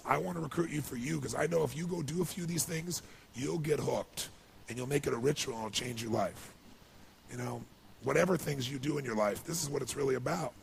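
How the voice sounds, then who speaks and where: Gravelly man telling a story on stage. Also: mid-range voice, slight background noise. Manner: emotional, building to excited outbursts. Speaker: motivational speaker. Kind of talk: live seminar storytelling. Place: large seminar hall with audience.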